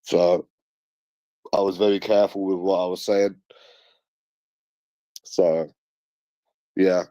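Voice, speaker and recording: A man's voice: low-pitched, level tone, slow, long pauses, mellow, no room sound, lo-fi sound. A man in his late twenties with a London accent, ranting casually with heavy swearing and street slang. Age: late 20s. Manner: swearing, boastful, aggressive slang.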